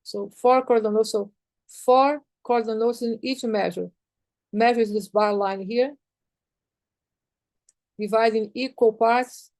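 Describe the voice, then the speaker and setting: Give me a woman music teacher explaining rhythm notation patiently, a bit high, dry close-mic sound. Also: steady tone, measured pace, pauses often, darkish tone, no echo. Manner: patient, repetitive, counts and sings rhythms on "ta".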